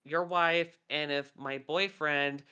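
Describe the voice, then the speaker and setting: A woman's voice: sits low, steady tone, slow, sharp tone, clear, resonant tone, muffled recording. A woman co-hosting a podcast, telling rambling stories in casual chat, full of fillers. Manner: rambling storyteller, many fillers. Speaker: podcast co-host.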